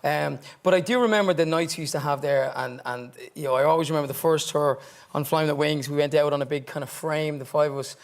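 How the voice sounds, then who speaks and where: A man's voice: a little high, fast talker, gravelly. A middle-aged Irish man, a band member on a talk show, telling stories chattily and laughing easily. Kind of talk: anecdotal talk show chat.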